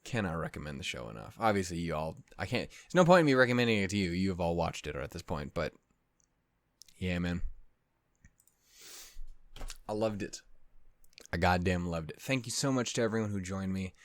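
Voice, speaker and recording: A man with a fairly low voice wraps up a reaction video, talking loosely to his viewers. He swears constantly, rambles and mocks himself. His voice sounds close and dry, with no room around it. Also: very animated, normal speed, pauses often, no room sound. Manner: rambling, profane and self-deprecating; easily sidetracked, loses his train of thought. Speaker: anime reaction host. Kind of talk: casual wrap-up chat to viewers.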